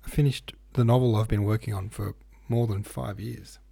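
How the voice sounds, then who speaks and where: A man's voice: lowish voice, steady tone, moderate pace, gravelly, warm tone, husky. A man hosting a casual solo podcast, talking in a rambling, hesitant way with many fillers and restarts. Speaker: podcast host and novelist.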